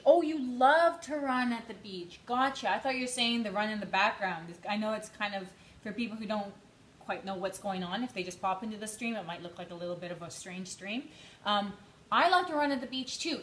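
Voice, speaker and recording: A young woman, out of breath from running, chatting casually on a livestream and greeting viewers by name. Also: mid-range voice. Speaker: livestream host training for a charity run. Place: indoors on a treadmill. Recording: echoey room with faint noise.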